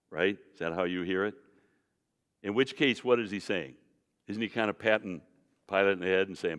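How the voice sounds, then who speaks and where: A man's voice: sits low, moderate pace, long reverb tail. A man teaching a Bible class, lecturing emphatically and putting questions straight to the class.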